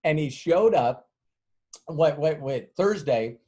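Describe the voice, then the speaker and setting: A middle-aged man with a slightly high, darkish, breathy voice speaks slowly but with lively intonation. Giving a casual sales training talk, he rambles through a folksy story, laughs often, and acts out the dialogue.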